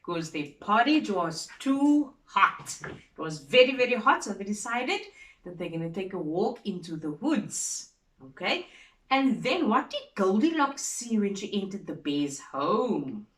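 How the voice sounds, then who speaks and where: Woman teacher, storytime reading, slow and lively, echoey classroom, mic far off. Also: mid-range voice. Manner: animated, slow and expressive, asks the class questions. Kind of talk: reading a story aloud to children.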